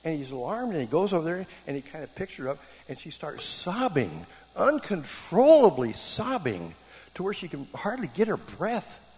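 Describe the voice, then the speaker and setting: A middle-aged man giving a sermon, telling stories with lively quoted voices. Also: a little high, brisk, hardly any pauses. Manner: animated storytelling, voices quoted speakers. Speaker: preacher teaching marriage classes. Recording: long hall reverb, faint background noise.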